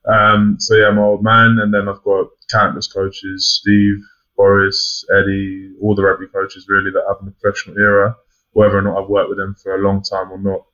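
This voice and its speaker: A man's voice: low-pitched, monotone, moderate pace, sharp tone. A young man from England speaking as a podcast guest, frank and casual, swearing freely and filling gaps with ums. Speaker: podcast guest, rugby player. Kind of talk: casual reflective chat. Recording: dull lo-fi sound.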